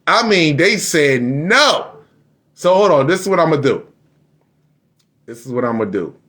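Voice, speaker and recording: A man hosting a live stream in a casual, rambling way. His voice sits a bit high for a man. He laughs often and sounds exasperated as he talks to his viewers. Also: sing-song, unhurried, a bit bright. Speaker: livestream host.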